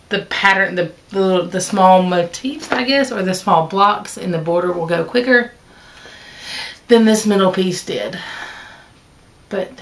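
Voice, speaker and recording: A woman's voice: mid-range voice, vocal fry. A woman vlogging casually to the camera about her stitching, chatty and rambling, often restarting her sentences. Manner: chatty, rambling, with fillers and self-corrections. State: hiccups.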